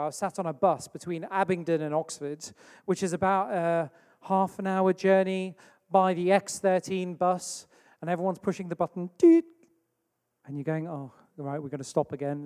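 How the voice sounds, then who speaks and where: A man's voice: high-pitched, a little mellow. A man from England preaching a sermon, telling a story with acted-out asides. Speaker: pastor. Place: church hall. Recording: long hall reverb.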